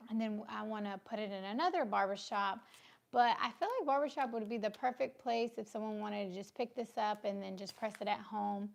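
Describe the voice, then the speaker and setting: Woman co-hosting a livestream with a gravelly voice. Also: medium pitch, steady tone. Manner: brisk, teasing. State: sore throat. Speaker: business co-host on a livestream. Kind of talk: casual livestream chat.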